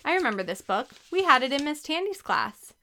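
A woman's voice: high voice, big pitch swings, fairly quick, sharp tone, slight background noise, pitched above the performer's own voice, full character voice. A woman voicing an easygoing teenage boy tutor who talks casually. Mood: friendly. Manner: casual, breezy.

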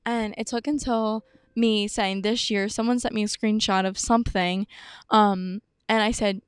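A woman's voice: mid-range voice, steady tone, unhurried, clear, resonant tone, no room sound, studio quality. A young woman in her twenties hosting a podcast in casual, chatty talk, full of "like" and "um", often acting out her own past thoughts. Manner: chatty, peppered with "like" and "um". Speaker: podcast host. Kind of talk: casual chat.

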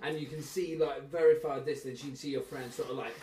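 A man's voice: medium pitch, fairly even intonation, fast talker, a little mellow, distant mic. A man narrating as dungeon master in a casual tabletop game, talking loosely with lots of fillers. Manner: loose, filler-heavy narration with acted asides. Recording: echoey room, voice from off-mic.

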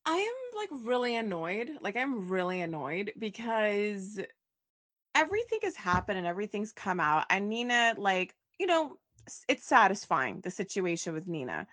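A woman's voice: mid-range voice, moderate pace. A woman co-hosting a casual podcast, recapping soap episodes and acting out the characters' lines as she goes. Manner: animated, acts out characters' lines mid-story. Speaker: podcast co-host.

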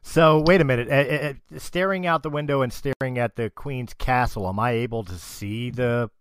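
A man's voice: mid-range voice, moderate pace, a bit bright, no echo. A man playing in a casual tabletop game, talking loosely and asking rules questions. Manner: loose, laughing, swears casually. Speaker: player.

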